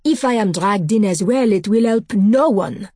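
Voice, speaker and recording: A man's voice: high voice, moderate pace, darkish tone, no room sound, clean studio sound, voice pushed up. A woman voicing an elegant, composed male vampire in a storybook reading, with formal, old-fashioned phrasing. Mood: urgent warning.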